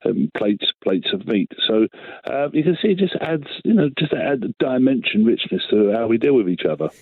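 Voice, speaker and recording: An older man from London with a Cockney accent, talking as a guest in a radio interview, relaxed and rambling with many fillers. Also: medium pitch, normal speed, husky, dry recording. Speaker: festival director, guest. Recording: tinny phone line, dry.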